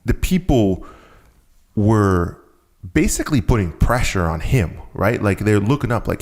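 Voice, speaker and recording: Gravelly low-voiced man telling a story. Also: normal speed. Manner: animated storyteller acting out quotes. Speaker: podcast guest. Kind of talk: storytelling conversation.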